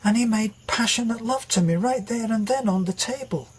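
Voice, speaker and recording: A man's voice: high voice, moderate pace, husky, voice pushed up. A man voicing a delighted wife who tells her story in a breathless, gushing rush. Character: delighted wife recounting a wild breakfast.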